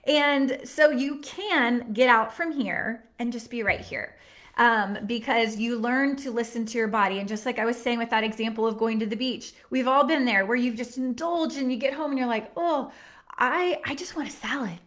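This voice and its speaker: A woman in her thirties leads a live workshop, her high voice earnest and heartfelt. She talks in a chatty, encouraging way and leans on casual fillers as she goes. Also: moderate pace, fairly bright tone. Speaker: workshop host and nutrition coach.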